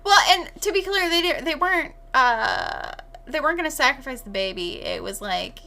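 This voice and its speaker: A woman co-hosting a podcast in casual chat, animated and swearing, acting out quotes. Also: sits high, normal speed, gravelly. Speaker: podcast co-host.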